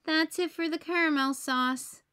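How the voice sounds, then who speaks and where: A woman voicing a cheerful young girl in a read-aloud picture book, with a bright, bouncy delivery. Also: high voice, steady tone, a little slow, pitched above the performer's own voice. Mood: chirpy.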